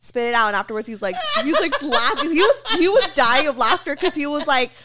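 Lively, giggly woman guest. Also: high voice, fast talker, heavy background noise. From Philippines. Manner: frank, giggly storyteller. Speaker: podcast guest. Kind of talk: casual chat.

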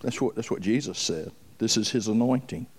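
A male pastor preaching a fervent sermon, repeating himself and building up loud as he tells stories. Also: fairly low pitch, a little fast, slight background noise. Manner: fervent, builds up loud while telling a story; repeats himself and restarts for emphasis.

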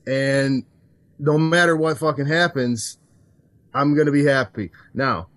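A man's voice: mid-range voice, measured pace, fairly bright tone. A man on a casual podcast chat as a guest, crass and sardonic, swearing constantly. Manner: sardonic and joking.

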